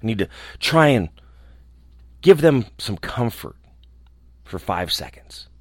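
A man's voice: fairly low pitch, very animated, dry recording. Earnest man musing into a dry mic. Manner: earnest, halting, with restarts and soft trailing endings. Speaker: radio host. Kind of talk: reflective casual monologue. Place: small room alone with a microphone.

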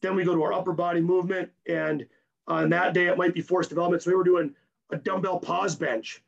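Man, hoarse, high gravelly voice, fast technical coach talk, keeps asking "right?", dull lo-fi sound. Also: fairly even intonation. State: hoarse, losing his voice. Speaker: strength and conditioning coach. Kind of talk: podcast interview.

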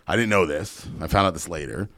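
Fast-talking low-voiced man telling a story. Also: no room sound, clean studio sound. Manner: fast, profane, animated storyteller. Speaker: podcast guest, real estate investor. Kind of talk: casual storytelling chat.

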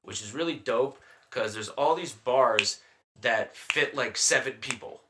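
A young man, a guest comedian, telling animated, laughing anecdotes in a casual podcast chat, holding the mic close to his mouth. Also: medium pitch, a little slow, background noise. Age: young adult. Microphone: handheld mic held close to mouth.

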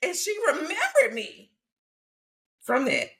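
Woman host in her thirties, high gravelly voice, animated storyteller who laughs often. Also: slow. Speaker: podcast host. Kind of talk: casual faith conversation.

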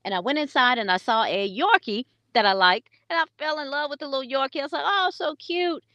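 A woman's voice: high voice, fast, no room sound, lo-fi sound. A middle-aged woman, co-hosting a casual podcast chat and telling stories with lots of laughter and acted-out quotes. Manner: animated storyteller, laughs often, acts out quotes. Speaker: co-host.

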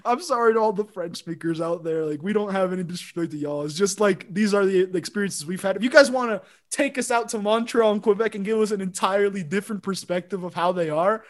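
High-voiced young man rambling casually. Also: fairly quick. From Colombia. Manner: rambling storyteller, lots of fillers and swearing. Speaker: podcast co-host. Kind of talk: casual chat.

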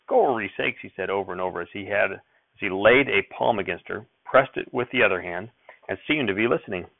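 A man narrating a first-person story as an audiobook reader, in a plain, steady storytelling way. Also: on the low side, vocal fry, no echo, narrow, tinny audio.

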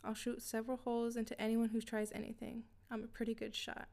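A woman reading the lines of a calm, reassuring male federal agent in a story narration. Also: fairly high pitch, fast, vocal fry.

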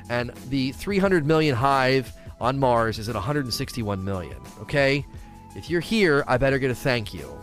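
Animated ranting male game streamer. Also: medium pitch. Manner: animated, ranting, reads chat questions aloud. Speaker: livestreamer. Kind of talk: casual gaming stream chat.

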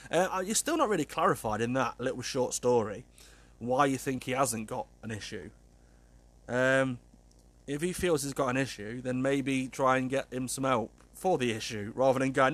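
A man talks bluntly and casually as a podcast host. He swears freely while giving agony aunt advice, at a medium pitch. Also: a little fast, a bit bright. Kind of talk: casual chat.

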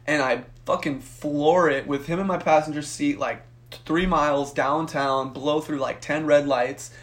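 Animated young man telling a wild story. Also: fairly high pitch, unhurried. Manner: animated, profane, acts out voices in his story. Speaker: podcast co-host. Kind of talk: casual storytelling chat.

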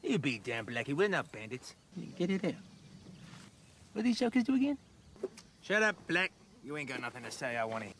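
A man playing a rough outback miner in a film clip, with gruff, threatening lines. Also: fairly high pitch, sing-song, fairly quick, pauses often, a bit bright, slight background noise. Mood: menacing.

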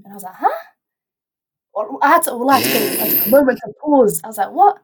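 Give me a fast, animated young woman telling a rambling story as a podcast guest. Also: a little high, slightly rough. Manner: animated, rambling with restarts and quoted dialogue. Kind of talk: casual storytelling chat.

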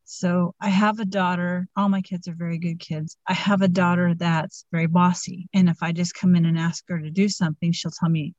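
A woman's voice: fairly low pitch, a little mellow, no room sound, dull audio. Earnest woman in her fifties. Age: 50s. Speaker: group member sharing a story. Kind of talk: casual personal testimony.

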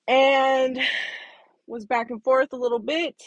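A woman vlogging, telling a personal story candidly, swinging between hushed asides and loud bursts, with some swearing. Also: sits high, fairly even intonation, slow pace, pauses often, dry recording, highs cut off. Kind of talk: casual storytelling monologue.

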